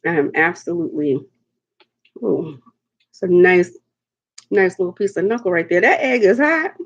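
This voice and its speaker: A young adult woman hosts a live seafood mukbang from home, chatting playfully, laughing often, and calling viewers honey and darling. Her voice is lowish and her pace moderate, and the recording sounds muffled.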